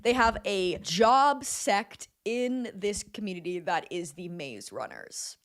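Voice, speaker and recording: A woman's voice: mid-range voice, expressive, slow pace. A young woman recapping a film in casual chat, chatty and sarcastic, swearing and laughing often.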